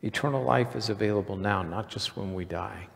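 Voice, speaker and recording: Speaking briskly in a gravelly, lowish voice, this male pastor gives a conversational sermon and quizzes the people in the pews. The sanctuary's echo is clearly audible.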